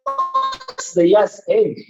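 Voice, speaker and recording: A man's voice: very high voice, huge pitch swings, vocal fry, a bit bright, faint music behind. A man giving a law lecture to students, checking in often with "okay" and joking asides. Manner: explains slowly, with frequent "okay?" checks and asides. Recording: dull, lo-fi classroom recording.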